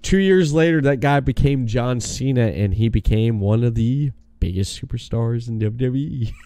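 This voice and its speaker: A man's voice: mid-range voice, moderate pace, warm tone, no room sound. Laid-back man hosting a chat show. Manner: laughs often, swears casually. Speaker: talk show host. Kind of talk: casual chat.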